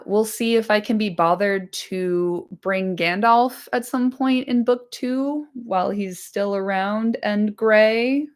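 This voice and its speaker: A woman streamer chatting casually to her live audience after a reading, enthusiastic and swearing freely, her voice slightly hoarse. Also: medium pitch. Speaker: streamer reading a book aloud.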